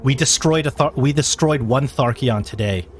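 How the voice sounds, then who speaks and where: A determined rebel leader woman, as a man puts her on while running a tabletop game. She declaims with rousing conviction in a mid-pitched voice. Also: moderate pace, soft background music, close to an everyday voice.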